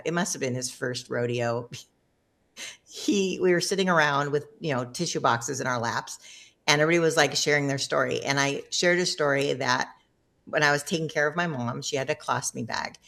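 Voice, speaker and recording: A woman's voice: rumbling low, a little fast, vocal fry, a bit bright. A middle-aged woman telling a personal story as a guest in casual conversation, chatty and self-deprecating, laughing often.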